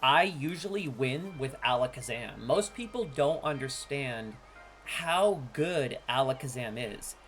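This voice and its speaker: A man in his thirties streams himself opening card packs and chats casually to his viewers. He talks with a swaggering, trash-talking hype that drops now and then into quieter, offhand asides. His pitch swoops around a lot. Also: lively intonation, a little slow, faint music behind.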